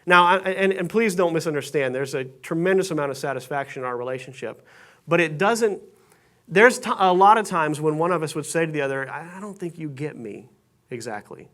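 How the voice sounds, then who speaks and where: Higher-voiced man preaching a sermon. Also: a little fast, a bit bright. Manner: conversational, self-deprecating storytelling with frequent restarts. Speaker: pastor. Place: church sanctuary stage.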